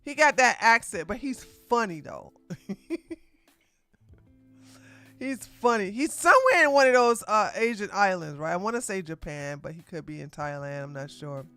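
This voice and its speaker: A woman talks through a reaction stream in a loose, rambling way, doubling back to correct herself. Her pitch swings up and down a lot. The sound is close and dry, with soft music under it. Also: lively intonation, normal speed, dry recording. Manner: rambling, self-correcting, chatty. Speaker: stream commentator. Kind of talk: casual reaction commentary.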